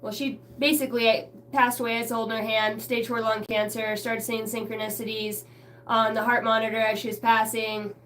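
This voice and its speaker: A spiritual reader who vlogs rambles casually to camera in a basement under a ring light, laughing often and cursing as she tells stories with quick asides. Her voice is on the high side and a bit bright, with little pitch movement and a little hiss or hum.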